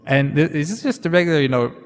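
A man's voice: fairly high pitch, lively intonation, fast talker. A man preaching a sermon in a conversational way, often slipping in Arabic fillers. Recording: long hall reverb.

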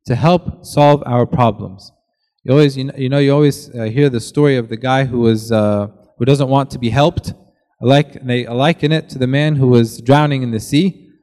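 A man's voice: mid-range voice, darkish tone, in a large hall. A man giving a casual, conversational sermon who often asks rhetorical questions of his listeners. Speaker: preacher.

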